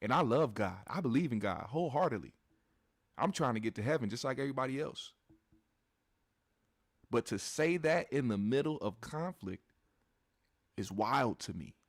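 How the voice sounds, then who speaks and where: A man's voice: mid-range voice, expressive, moderate pace, pauses often, dry recording. A man hosting a commentary show, talking bluntly and with plenty of profanity straight to his live chat audience.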